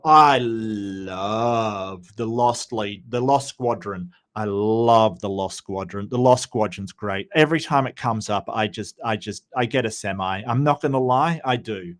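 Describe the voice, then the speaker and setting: A man's voice: mid-range voice, a little slow. A man hosting a live-streamed debate show, chatting casually with viewers, blunt and joking with some profanity, and reading out messages from the chat. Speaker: livestream debate host.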